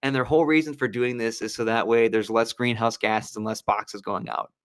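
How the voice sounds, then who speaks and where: A young Wisconsin man, co-hosting a podcast, chats casually and brings a story to life by acting out quotes. He talks a little fast in a mid-range voice, and the clean studio recording has no room sound.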